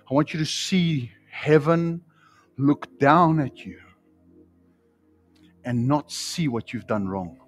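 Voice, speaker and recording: A man with a New Zealand accent preaching a sermon in a church, fiery and excitable, swinging from shouts to hushed tones and calling listeners bro. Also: medium pitch. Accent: New Zealand English. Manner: casual slang, calls listeners bro and man. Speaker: pastor. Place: church hall.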